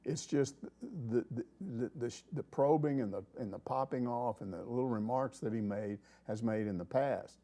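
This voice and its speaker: A middle-aged man talks sports on his show, laying out his opinions in a loose, rambling way. His voice is mellow and warm, with an even, medium pitch. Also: moderate pace, few pauses. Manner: rambling, opinionated, acts out quoted people. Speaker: sports talk host. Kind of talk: casual sports chat.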